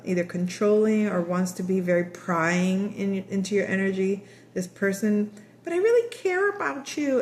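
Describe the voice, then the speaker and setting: A woman giving a casual tarot reading, chatty and rambling, laughing often and acting out quoted voices. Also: mid-range voice. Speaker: tarot reader.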